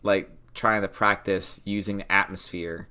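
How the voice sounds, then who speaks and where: An animated man trading game-master ideas on a home podcast mic. His voice is on the low side, and he keeps slipping into little acted-out bits to make his point. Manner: animated, acts out scenes in quick asides. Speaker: podcast co-host. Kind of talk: casual chat about tabletop games.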